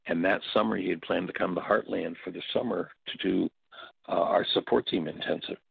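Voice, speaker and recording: An older man with a very low, gravelly voice leads a workshop, telling stories in a reflective, halting way. His tone is husky. The recording is dry and dull, like lo-fi audio. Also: steady tone, no room sound. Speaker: workshop leader and teacher. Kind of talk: spoken teaching talk with stories.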